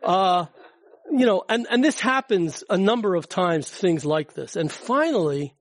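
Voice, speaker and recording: A man's voice: high-pitched, animated, a little slow, dry recording. A man giving an informal public talk about slides, chatty and rambling, with frequent fillers and restarts. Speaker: guest speaker.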